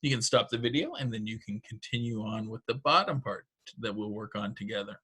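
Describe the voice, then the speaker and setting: Bright-voiced male phonics teacher. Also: lowish voice, brisk, slightly rough. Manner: patient, step-by-step instructions. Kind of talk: recorded phonics lesson for children and parents.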